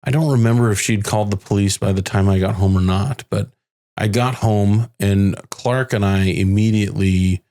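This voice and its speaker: A man with a deep, gravelly voice tells a painful family story on a podcast. He talks haltingly, circling back and restarting sentences, and quotes what others said to him. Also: dark tone. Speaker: bereaved father, podcast guest. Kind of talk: emotional personal storytelling. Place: home in the Phoenix area.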